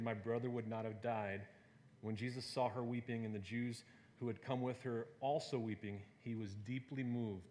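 A man preaching a sermon to a gathered audience, talking in a relaxed, conversational way with fillers and playful asides. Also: mid-range voice, slight background noise.

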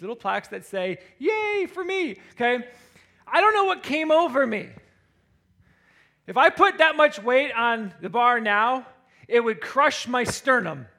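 Guy in his 30s telling a funny story to a crowd, high voice, bright and sharp, super animated, acts out all the lines. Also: measured pace, creaky. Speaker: speaker addressing a live audience. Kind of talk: humorous personal storytelling.

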